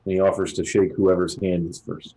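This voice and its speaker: A man narrating a tabletop game as game master, in a relaxed way with many pauses and fillers. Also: deep voice, rough recording. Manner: relaxed with many uhs and ums.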